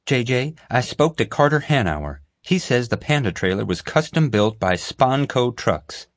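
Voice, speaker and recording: A male narrator voicing a brisk, businesslike female office assistant in an audiobook. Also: medium pitch, sing-song, no room sound, studio quality, pitched above the performer's own voice.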